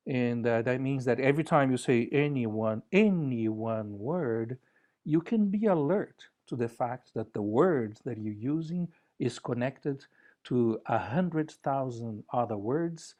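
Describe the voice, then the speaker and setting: A man's voice: mid-range voice, darkish tone. A man giving a conference talk with vocal exercises, speaking playfully and slipping into lilting, sung syllables. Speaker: workshop presenter.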